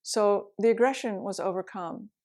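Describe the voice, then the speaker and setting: A woman's voice: medium pitch, normal speed, darkish tone. Candid woman telling a personal story. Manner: candid, reflective, with laughs. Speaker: meditation teacher. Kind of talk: storytelling talk.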